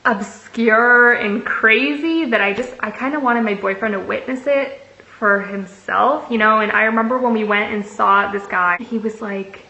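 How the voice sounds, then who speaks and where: Chatty young woman with a bright voice. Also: a little high, normal speed, few pauses. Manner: chatty, swears freely, many fillers. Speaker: vlogger. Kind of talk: casual storytime, reading messages aloud. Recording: echoey room, slightly muffled.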